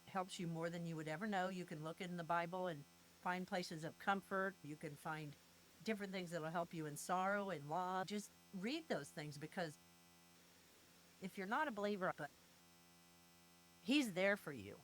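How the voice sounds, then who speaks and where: A woman's voice: fairly low pitch, normal speed, faint music behind, low-quality recording. An older retired woman speaking earnestly and from the heart in an interview, leaning on her faith and family. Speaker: grieving mother and guest.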